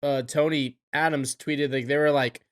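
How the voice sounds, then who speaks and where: A man's voice: a little high, steady tone, normal speed. A man co-hosting a casual sports podcast, talking animatedly and swearing freely, trailing off and restarting his sentences. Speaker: podcast co-host.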